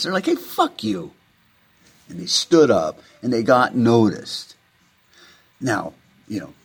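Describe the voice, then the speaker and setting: A man's voice: medium pitch, breathy edge. A man delivering an impassioned, rambling political rant, heated and full of profanity.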